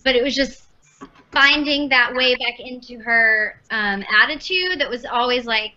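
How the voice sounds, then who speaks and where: A woman's voice: fairly high pitch, a little slow, bright, forceful tone, dull audio. A woman voice actress chatting as a podcast guest, rambling with lots of fillers. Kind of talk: casual podcast chat.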